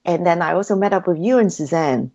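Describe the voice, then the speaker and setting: On the low side and a little mellow, this woman talks quickly and with animation. She's a hypnotherapy practitioner guesting on an interview, telling her story in earnest and acting out her inner voice in a dull, lo-fi recording.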